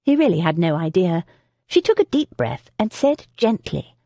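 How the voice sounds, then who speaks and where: A woman narrating a historical romance audiobook in an expressive reading style. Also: on the low side, moderate pace, no echo. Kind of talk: scripted narration.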